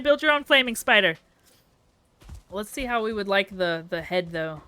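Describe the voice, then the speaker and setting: Sleepy and giggly, a young Southern woman talks casually with her viewers while building in a game on a live stream, muttering her thoughts aloud. Her mid-range voice has a sharp, clean tone.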